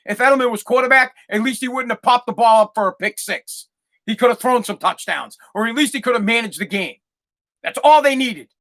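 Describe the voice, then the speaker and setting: A man's voice: extremely high pitch, sharp tone. A man hosting a solo sports podcast, ranting in a fired-up way, swearing and repeating himself. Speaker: podcast host.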